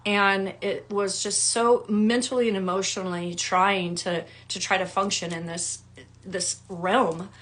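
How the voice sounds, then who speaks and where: A woman and wellness coach telling her own story in a casual, animated way, acting out the people she quotes with big jumps in her voice. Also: medium pitch, measured pace. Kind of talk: personal storytelling to camera.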